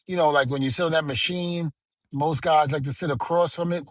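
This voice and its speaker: A man's voice: on the high side, steady tone, fairly quick, no echo. A middle-aged man co-hosting a podcast, telling stories in a playful, casual way and acting out the dialogue. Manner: storytelling, playful, acts out quoted dialogue. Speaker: podcast co-host.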